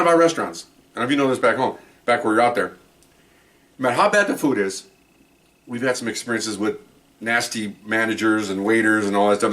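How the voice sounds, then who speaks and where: A man hosting a podcast, telling a story in a casual, rambling, animated way and laughing as he goes. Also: a little high, far from the mic. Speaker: podcast host telling cop stories.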